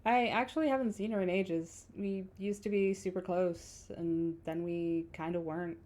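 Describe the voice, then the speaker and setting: A woman's voice: on the low side, steady tone, moderate pace, a little mellow, natural voice. A woman reading the lines of a guarded young woman driver in a video game, with a dry, wry edge. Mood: wistful.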